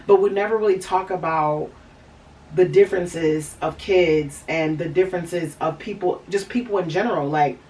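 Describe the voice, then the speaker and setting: A woman's voice: on the low side, moderate pace, a little mellow, recorded from a distance, poor audio. A woman hosting a podcast, telling a candid personal story in a rambling way, with lots of fillers and restarts. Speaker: podcast host.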